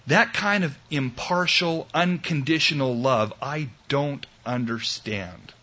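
Dramatic preacher man, bright dull recording. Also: medium pitch, takes it slowly. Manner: dramatic, swings from loud exclamations to hushed tender quotes. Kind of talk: sermon.

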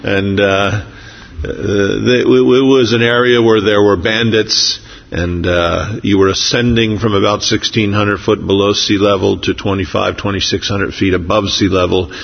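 A low-voiced man preaches a sermon, unhurried, with frequent pauses and fillers. His voice is gravelly and slightly husky. The recording is muffled and carries a long hall reverb. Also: fairly even intonation. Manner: unhurried, pausing with fillers, reads scripture slowly. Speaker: pastor.

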